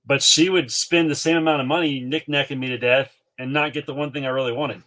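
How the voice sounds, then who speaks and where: A man in his forties from North Carolina, co-hosting a podcast and telling a childhood story in an animated way, with many fillers. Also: mid-range voice, fast talker. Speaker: podcast co-host. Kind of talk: casual storytelling chat.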